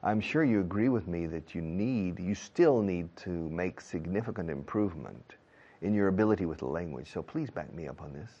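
A man's voice: deep voice, a little mellow, slightly rough, dull audio. A man, an English teacher, talking straight to his listeners and asking for their support. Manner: persuasive, talks straight to the audience. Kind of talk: direct appeal to listeners.

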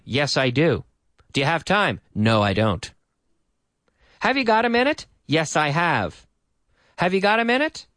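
This man has a mid-range, fairly bright voice, captured in studio quality with no room sound. He teaches English to Spanish speakers, drilling short questions and answers repeatedly and explaining how native speakers link words together.

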